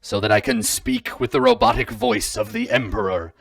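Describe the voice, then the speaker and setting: A man voicing a male zealot who speaks through a gravelly, mechanical vocal implant in a solemn, intoning way. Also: extremely high pitch, huge pitch swings, moderate pace, a bit bright, no room sound, voice pushed up, exaggerated voice.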